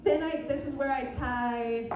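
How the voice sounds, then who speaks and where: A woman's voice: sits high, a little slow, darkish tone, dull audio. A woman comedian doing a rambling stand-up set at an open mic in a bar. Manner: rambling, self-interrupting delivery. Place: bar with live audience. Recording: echoey bar, recorded from far off.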